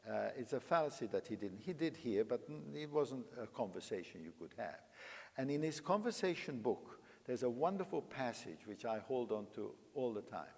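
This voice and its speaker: A man's voice: mid-range voice, sing-song, normal speed, a little mellow. An older man teaching a piano master class. He sings phrases aloud and coaches his student with emphatic, coaxing instructions. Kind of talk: coaching a young pianist. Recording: large hall with long reverb, piano playing.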